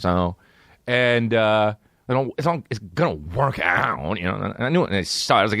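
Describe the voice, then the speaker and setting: A man with a low voice holds forth alone on his podcast, cursing freely and rambling from one gripe to the next. His pitch swings widely as he gets worked up, and the close, dry recording has almost no room sound. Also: animated, a little fast, a bit bright, dry recording. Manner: profane, rambling, jumps into mocking put-on voices. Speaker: podcast host. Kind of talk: casual solo podcast monologue.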